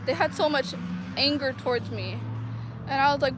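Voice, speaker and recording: High-voiced woman rambling outdoors. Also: normal speed. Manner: rambling, heavy use of "like" fillers. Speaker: vlogger. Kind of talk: casual storytelling to viewers. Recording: noisy outdoor street recording.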